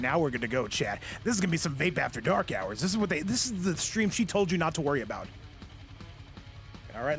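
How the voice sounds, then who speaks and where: A man commentates a fighting game live, chatting to his viewers in a loose, joking, rambling way. His voice sits fairly high. Faint music plays in the background. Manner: joking, rambling, talks to chat. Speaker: stream host and commentator.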